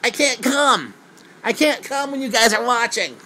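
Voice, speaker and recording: A man voicing a meek, simple-minded young man with a high, strained, childish whine. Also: lively intonation, normal speed, bright, forceful tone, slight background noise, exaggerated voice. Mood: whiny.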